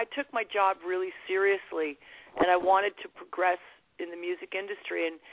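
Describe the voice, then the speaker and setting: A woman guest musician talking candidly in a phone interview, restarting her sentences and laughing often. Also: fairly low pitch. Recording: tinny phone line.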